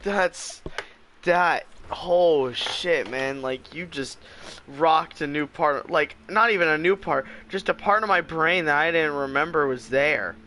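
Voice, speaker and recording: A young man chatting with friends during a game, animated and teasing, with sudden exclamations. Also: fairly high pitch, measured pace, slight background noise. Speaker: friend and co-player. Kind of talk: casual chat among friends while gaming.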